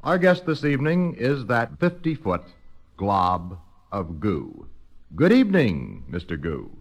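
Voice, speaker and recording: A man's voice: fairly low pitch, huge pitch swings, measured pace, heavily acted. A man playing a solemn television interviewer in a comedy record sketch, with a grave newsman delivery.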